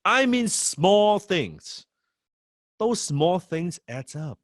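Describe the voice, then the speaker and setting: A man's voice: high-pitched, big pitch swings, drawn-out words, no echo, studio quality. A man coaching sales students in an emphatic, repetitive way, swearing freely. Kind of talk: lecture to students.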